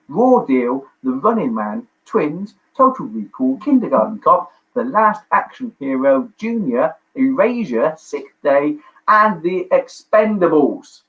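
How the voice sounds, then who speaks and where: A man hosting a livestreamed pub quiz from home, chatty and jokey, reading out answers with quick asides. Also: a little high, fairly bright tone. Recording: dull lo-fi livestream audio.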